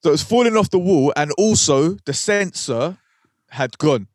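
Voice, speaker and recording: Man, podcast co-host, swears freely, slightly high voice. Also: animated, a little slow, darkish tone, dry recording. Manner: sweary storytelling, acts out quoted voices. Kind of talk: casual chat.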